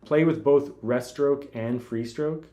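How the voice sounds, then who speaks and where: A man giving a casual spoken guitar lesson, talking in a relaxed way between demonstrations, with guitar playing heard behind him. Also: mid-range voice, takes it slowly. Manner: relaxed, talks while demonstrating, counts fingerings aloud. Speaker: guitar teacher. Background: guitar music.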